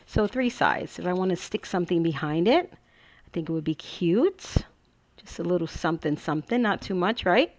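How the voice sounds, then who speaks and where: A woman hosts a relaxed crafting tutorial, talking her viewers through each step. Her voice sits a bit low for a woman, and she chats and gushes freely, thinking aloud as she works. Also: dry recording. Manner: chatty and gushing, thinks aloud.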